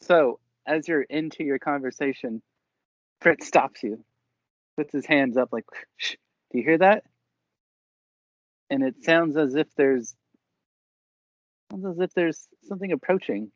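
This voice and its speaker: A man's voice: a little high, unhurried, pauses often, dry recording. A man narrating and running a tabletop game in a loose, rambling way with frequent laughter. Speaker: game master. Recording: dry, dull lo-fi recording.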